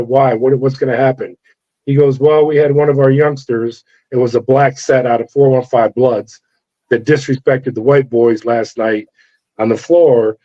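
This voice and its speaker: Middle-aged man, former guard, animated yarn-spinner; mellow, slightly raised pitch, lo-fi audio. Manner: animated storyteller acting out dialogue. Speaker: former corrections officer. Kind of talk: storytelling interview. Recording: dull lo-fi sound.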